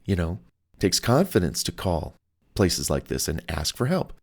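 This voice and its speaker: A man talks through his self-help audiobook in an upbeat, conversational coaching tone. His voice sits fairly low, and he speaks as if chatting straight to the listener. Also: big pitch swings, moderate pace, gravelly, darkish tone. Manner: conversational, acts out quoted phone calls. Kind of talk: motivational audiobook talk.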